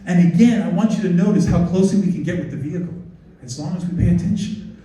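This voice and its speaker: Excitable high-voiced man in an echoey hall. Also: fast, slight background noise. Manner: excitable, animated, self-interrupting. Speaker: wildlife photographer giving a slide talk. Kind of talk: lively presentation to an audience. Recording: distant echoey hall recording.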